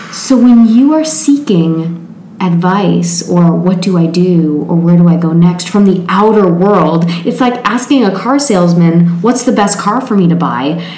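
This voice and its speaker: A woman's voice: lowish voice, animated, unhurried, a little mellow. Reflective woman talking self-help in an echoey room. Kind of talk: casual spiritual chat. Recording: echoey room with faint noise.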